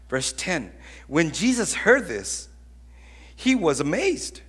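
Male pastor, slow animated sermon delivery, bright lively voice. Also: high voice, breathy edge. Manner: animated storytelling with acted-out voices; conversational, with frequent restarts.

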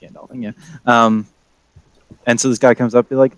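A young man narrating as game master in a casual way, halting with many fillers. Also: mid-range voice, level tone, clean tone, no room sound.

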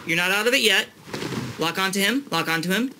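With background noise behind him, a young adult man with a high voice speaks fairly quickly while casually coaching his father through a video game, giving short, patient instructions.

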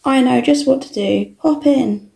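A woman voicing a gentle, reassuring rabbit mother who sells ice cream. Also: sits high, a little slow, gravelly, reverberant, full character voice. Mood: kind.

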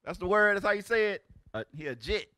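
A man in his forties, a religious teacher giving loud, exclamatory preaching commentary in casual street talk. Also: sits high, lively intonation, fairly quick, no room sound. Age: 40s. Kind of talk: animated preaching commentary on videos.

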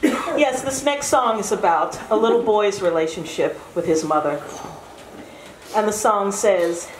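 A woman singer introducing a folk song on stage, telling its sad story gently and unhurriedly. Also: medium pitch, unhurried, a little hiss or hum. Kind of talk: slow spoken song introduction at a concert. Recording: echoey hall with faint music.

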